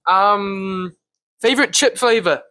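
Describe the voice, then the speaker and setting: A man's voice: high-pitched, slow pace, bright, forceful tone. Agreeable young man on a podcast. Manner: agreeable, many short yeahs, joking. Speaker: podcast co-host. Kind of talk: casual chat.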